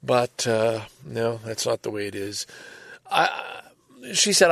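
A man's voice: medium pitch, animated, normal speed, vocal fry, a bit bright, dry recording. An older man telling a rambling, exasperated story in a casual monologue, swearing freely. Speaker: vlogger.

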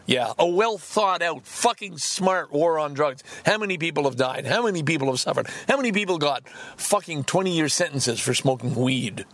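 A man's voice: a little high, animated, normal speed, few pauses, a bit bright, no room sound. A man hosting a podcast, ranting angrily and profanely with heavy emphasis. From Canada. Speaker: podcast host. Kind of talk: solo podcast rant.

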